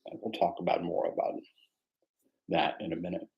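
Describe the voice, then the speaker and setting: A man teaching meditation, speaking in a reflective, conversational way with a gently self-mocking humor. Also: low voice, flat delivery, normal speed, creaky, lo-fi sound. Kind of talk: mindfulness dharma talk.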